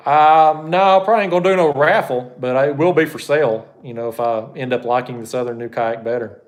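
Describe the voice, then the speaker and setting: A man's voice: mid-range voice, fairly quick. A man hosting a fishing channel, answering viewer questions on a live stream in a blunt, folksy, rambling way.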